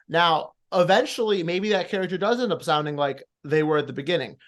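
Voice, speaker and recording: Male judge, higher-pitched, talks through notes with lots of fillers, on a computer video call. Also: fairly quick, fairly bright tone. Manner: coaching, encouraging, thinks aloud with fillers. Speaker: promo competition judge. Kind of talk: casual critique on a live panel.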